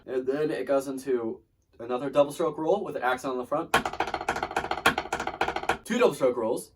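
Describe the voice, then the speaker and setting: A man in a casual drumline lesson, talking at a middle pitch and trailing off as he demonstrates. He sits a little away from the mic. Loud drum music plays behind him. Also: normal speed, far from the mic. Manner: chatty, self-deprecating, trails off mid-demonstration. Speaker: drumline instructor.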